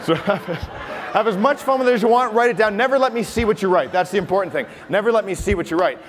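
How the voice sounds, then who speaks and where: Canadian male comedy magician, playful teasing crowd work, a bit high-pitched, live in a reverberant conference hall with faint room noise. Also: animated, fast talker. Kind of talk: stage comedy magic act. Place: large hotel conference hall.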